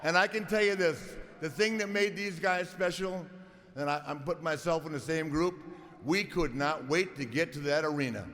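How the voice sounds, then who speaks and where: Close to tears, a man in his sixties accepts his hall of fame induction with a meandering speech packed with stories, laughing and stammering as he goes. His fairly high, slightly bright voice moves at normal speed, echoing with long reverb through a large arena hall amid crowd noise.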